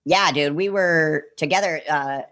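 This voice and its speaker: Animated, dry-sounding male storyteller. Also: a little high, a little slow, no echo. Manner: animated, full of "like" and acted-out quotes. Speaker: podcast guest. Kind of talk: casual storytelling on a podcast.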